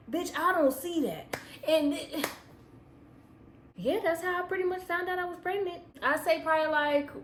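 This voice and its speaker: A young woman telling a personal story in a casual, profane, animated way, often breaking into laughter. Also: extremely high pitch, normal speed, a little hiss or hum. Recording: echoey room with faint ambience.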